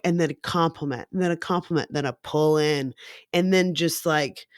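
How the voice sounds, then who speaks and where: A woman's voice: deep voice, normal speed, no room sound, studio quality. A woman in her thirties telling a personal story candidly, swearing freely and filling her talk with "like" and "you know". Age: 30s. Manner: frank and profane, filler-heavy with lots of "like".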